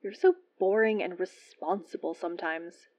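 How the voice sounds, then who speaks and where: A woman's voice: on the low side, moderate pace, muffled recording, lightly acted. A woman voicing a playful, gossip-hungry male spy who wheedles and pouts at his friend. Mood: teasing.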